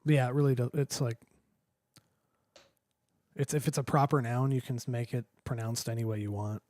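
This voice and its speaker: A man co-hosting a casual podcast chat, teasing and dropping quick wry jokes. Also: medium pitch, steady tone, mellow, dry recording. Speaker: podcast co-host.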